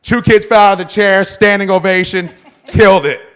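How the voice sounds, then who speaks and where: A man's voice: high-pitched, steady tone, moderate pace, a bit bright. A man doing a stand-up comedy set, trading in self-mocking punchlines before a live audience. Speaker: stand-up comic. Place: small club stage with live audience.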